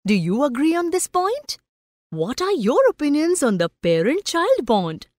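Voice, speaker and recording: A woman, narrating a story for students in a slow, expressive way and asking the class questions. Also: sits high, no echo.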